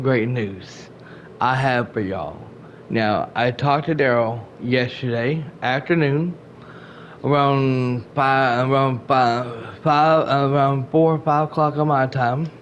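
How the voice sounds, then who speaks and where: A man's voice: medium pitch, takes it slowly. Rambling man with a drawl. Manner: rambling, repeats and restarts often, retells conversations. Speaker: gaming channel host. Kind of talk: casual vlog update to viewers. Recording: dull lo-fi home recording with faint noise.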